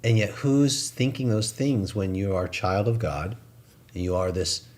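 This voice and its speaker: A man's voice: on the low side, normal speed, darkish tone. A man co-hosting a spiritual talk show, speaking in a reflective, coaching, preacher-like way. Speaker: co-host.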